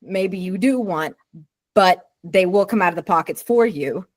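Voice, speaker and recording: A woman's voice: lowish voice, unhurried, dry recording. A woman player in a tabletop game, playfully and animatedly describing her character in casual chat.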